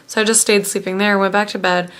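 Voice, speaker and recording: A woman's voice: mid-range voice, flat delivery, quick pace, fairly bright tone. A young woman telling a casual personal story to camera, rambling and full of fillers. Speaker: vlogger.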